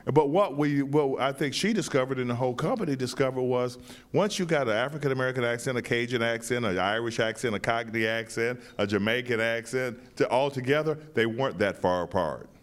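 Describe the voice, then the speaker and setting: A man who wrote and staged the play, answering interview questions in a thoughtful, halting way with many restarts. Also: medium pitch. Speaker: playwright and director.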